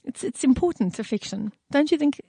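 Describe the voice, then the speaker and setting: A woman's voice: high-pitched, expressive, a little fast, gravelly, warm tone, no room sound. A woman chatting casually, giving opinions with emphatic repetition and frequent laughs. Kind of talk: casual chat.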